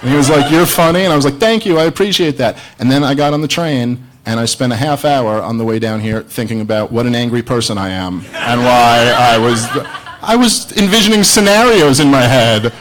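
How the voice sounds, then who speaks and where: A man's voice: medium pitch, fairly quick, a little hiss or hum, low-quality recording. A man doing a stand-up comedy set, rambling and self-mocking as he tells a story to a live audience. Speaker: stand-up comedian opening a debate. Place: live venue with audience laughter.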